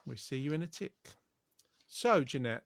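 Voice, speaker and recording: A man's voice: medium pitch, lively intonation, moderate pace, gravelly, no room sound. Chatty man hosting, dry sound. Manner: chatty, teasing, encouraging. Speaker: host. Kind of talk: casual online show chat.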